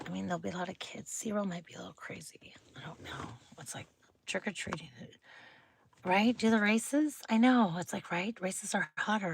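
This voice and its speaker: A woman with a fairly low voice hosts a casual livestream from home, with slight background noise. Chatty and rambling, she thinks aloud with her viewers and often drops into a whisper.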